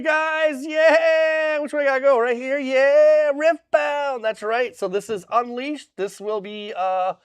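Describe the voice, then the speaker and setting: A man's voice: sits high, dry recording. A man hosting a live stream from his small hobby shop, running through new products in a casual, hype-filled way with goofy jokes on the side. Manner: upbeat and hype-driven, with goofy joking asides. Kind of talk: casual livestream product rundown. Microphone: camera mic, facing a monitor.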